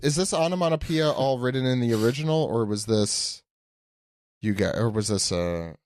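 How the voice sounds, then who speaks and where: A man hosting a podcast, asking guests questions with stammers, laughs and quick interjections. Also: medium pitch, expressive, a little mellow, no room sound. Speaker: podcast host. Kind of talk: casual podcast chat.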